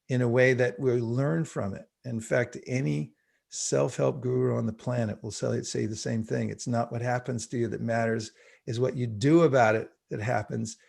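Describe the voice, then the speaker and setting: Man, gravelly voice, spiritual teacher, reflective talk, slow chanted mantras, video call audio. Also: medium pitch, darkish tone. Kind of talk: online class with mantra chanting.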